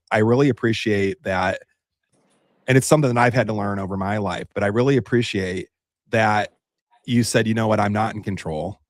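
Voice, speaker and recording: A man's voice: on the low side, no echo, studio quality. A man hosting a podcast, responding reflectively in a casual chat. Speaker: podcast host.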